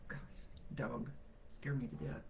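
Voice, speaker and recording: A woman's voice: very deep voice, fairly even intonation, measured pace, creaky, very noisy. A woman psychic medium giving a live reading to viewers, chatty and reassuring as she relays messages.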